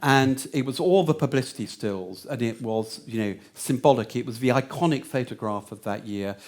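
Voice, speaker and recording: A man's voice: mid-range voice, moderate pace, darkish tone. A man giving a lecture answer, meandering with many fillers and restarts.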